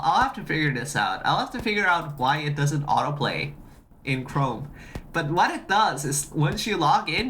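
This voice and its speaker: Streamer, animated pitch, bright tense tone, casual stream chat, repeats itself. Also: a little hiss or hum. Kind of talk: casual live-stream chat demoing a project.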